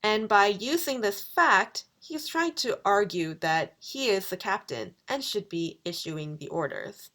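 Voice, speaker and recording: A woman lecturer giving a recorded video lesson, explaining grammar slowly and deliberately. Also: medium pitch, expressive, a bit bright. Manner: slow, deliberate explanations with quoted examples. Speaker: university lecturer.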